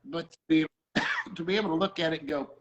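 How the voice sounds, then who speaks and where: A middle-aged man talks casually about faith and his work as a producer. His voice sits a little high, and he slips into the voices of people he quotes as he tells his stories. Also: expressive, brisk, a bit bright, poor audio. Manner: storytelling, acts out quoted voices. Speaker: music producer.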